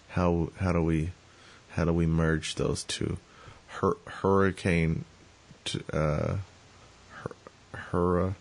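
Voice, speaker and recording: A podcast host with a low voice and vocal fry chats casually, rambling and joking. His talk is full of fillers and restarts.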